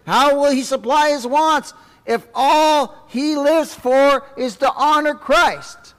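A man voicing an anxious merchant clerk who asks worried, drawn-out questions in a much higher voice, in a reverberant church. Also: a bit bright, heavily acted.

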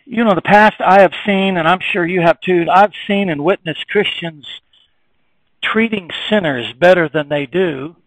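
A man preaching a sermon, emphatic and repetitive, swinging between quiet reflection and raised, insistent passages. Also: sits high, moderate pace, no echo, low-quality recording.

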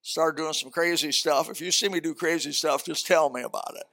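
An older pastor preaches in a church auditorium, folksy and emphatic, with joking asides. His voice sits high and has a bright edge. It carries a gravelly rasp. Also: steady tone, a little fast. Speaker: senior pastor. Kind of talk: sermon.

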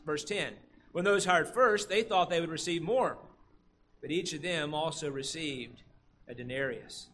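A man's voice: sits high, a little hiss or hum. A man preaching a sermon, explaining a passage and acting out the characters' complaints with animation. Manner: animated, acts out the workers' complaints.

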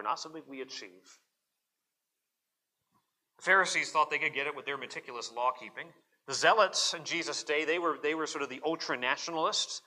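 A man's voice: on the high side, pushed and bright. A pastor preaching a sermon at a church service in an earnest, emphatic way, often repeating words as he presses a point.

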